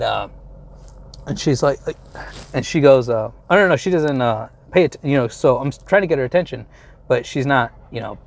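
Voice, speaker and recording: A young man casually retelling a story from his car, rambling, swearing a lot and breaking off mid-sentence. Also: medium pitch. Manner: rambling, profane, self-interrupting retelling. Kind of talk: casual storytelling while driving.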